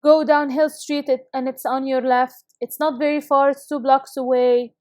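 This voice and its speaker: Woman teacher w/ doing a video english lesson, highish voice, dry close sound, clear and encouraging. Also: level tone, normal speed, darkish tone, no room sound. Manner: clear, encouraging classroom delivery.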